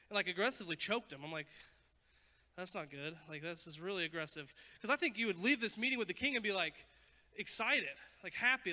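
A young man preaching a sermon as a youth pastor, casual and animated, with many "like" fillers. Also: sits high, brisk. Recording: long hall reverb.

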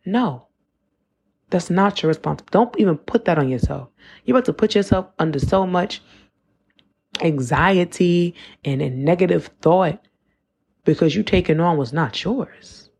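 Woman in her twenties, deep husky voice, casual podcast musing, loose rambling phrasing. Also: expressive, moderate pace, darkish tone. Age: 20s. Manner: conversational, with frequent "like" and self-corrections. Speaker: podcast host. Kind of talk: casual reflective monologue.

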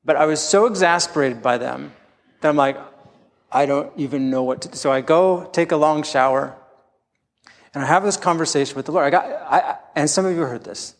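A man's voice: fairly high pitch, brisk, in a large hall. A middle-aged man preaching a sermon as pastor, telling candid, self-deprecating stories from his own life.

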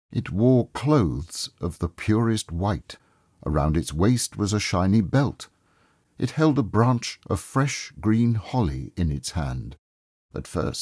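A man reading a classic story aloud as storybook narration, in a calm, measured and expressive way. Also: on the low side, breathy edge, dry recording, clean studio sound.

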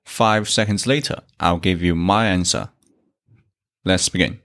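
A man with a very low voice gives a beginner language lesson. He speaks slowly and with care. He explains each rule step by step and repeats every example. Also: a bit bright. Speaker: Chinese language teacher. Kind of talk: slow, deliberate grammar lesson.

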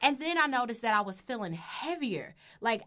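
A woman co-hosting a casual faith talk show, telling a personal story in an animated way and laughing often. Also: fairly high pitch, moderate pace. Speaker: podcast co-host.

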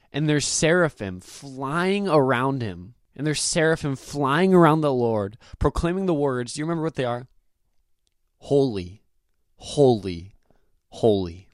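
A man's voice: medium pitch, no room sound. An earnest man teaches on a devotional podcast, quoting scripture one verse after another. His voice sits in a middle range and stresses key words with emphasis. The recording is dry and close, with no room sound. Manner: earnest, emphatic preaching with frequent scripture quotes. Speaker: podcast host.

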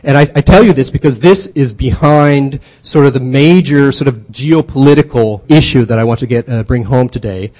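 Dark-voiced man lecturing with many fillers. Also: mid-range voice, low-quality recording. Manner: halting, many fillers and restarts; conversational, animated emphasis. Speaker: history lecturer. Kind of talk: academic lecture.

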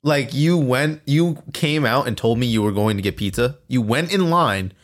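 Relaxed male co-host who reacts with laughs and short casual replies. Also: mid-range voice, moderate pace. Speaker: podcast co-host. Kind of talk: casual chat.

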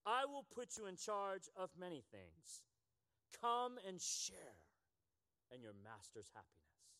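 A man in his fifties reading the part of a stern master of servants, with dramatic swings in pitch. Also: big pitch swings, takes it slowly, bright, forceful tone, long reverb tail, heavily acted. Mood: approving.

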